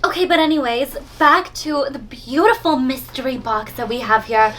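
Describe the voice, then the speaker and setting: A woman's voice: sits high, normal speed, a bit bright, a little hiss or hum. A young woman chatting through an unboxing video, bubbly and gushing, with frequent gasps and giggles. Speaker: unboxing vlogger. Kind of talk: casual unboxing chat.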